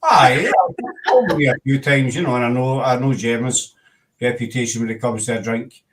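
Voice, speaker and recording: A man's voice: mid-range voice, normal speed. A Scottish man hosting a casual chat show, teasing his guests and laughing often. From Scotland. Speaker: host.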